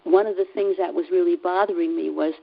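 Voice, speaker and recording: A woman sharing a personal story in a group call, earnest and halting, with many fillers and restarts. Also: on the low side, steady tone, creaky, narrow, tinny audio. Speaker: class participant.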